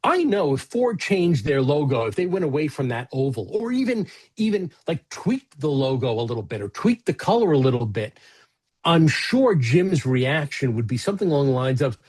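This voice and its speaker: A man's voice: on the high side, very animated, normal speed, darkish tone, husky. A middle-aged man co-hosting a podcast, talking in casual, rambling chat with lots of fillers, restarts and swearing. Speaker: podcast co-host.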